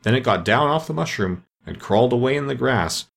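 A man narrating a storybook in a lively, expressive reading voice. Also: mid-range voice, a little fast, creaky.

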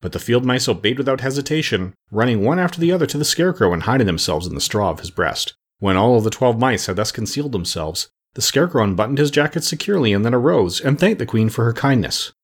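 A man reading a storybook aloud in a measured, steady narration. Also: mid-range voice, breathy edge. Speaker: audiobook narrator.

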